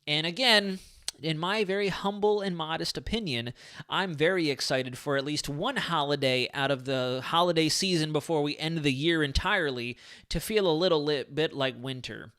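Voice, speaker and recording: A man hosting a live weather stream in a casual, excitable, rambling way, his speech a little slurred from a sore lip. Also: on the high side, moderate pace, clean tone. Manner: chatty, excitable, rambling asides. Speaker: weather livestream host. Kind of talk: casual livestream weather talk.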